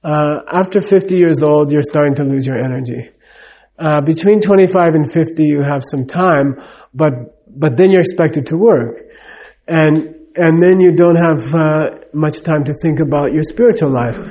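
A man's voice: on the high side, moderate pace, mellow. A middle-aged man giving a casual, rambling talk, full of fillers and "you know what I mean". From United States.

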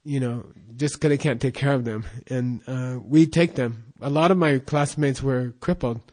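A man who is a Buddhist monk, telling a teaching story casually, rambling and halting with fillers. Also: medium pitch, a little mellow.

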